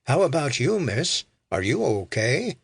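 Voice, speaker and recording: A man's voice: mid-range voice, very animated, unhurried, gravelly, breathy edge, voice pushed up, heavily acted. A man voicing a friendly young male backpacker with an Australian accent, easygoing and concerned. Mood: caring.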